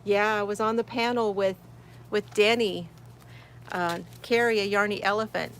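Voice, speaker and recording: A woman who hosts a crochet channel streams casually from her she shed, greeting viewers by name, reading chat comments aloud, and laughing often. Her medium-pitched voice holds a steady tone at normal speed. There's slight background noise.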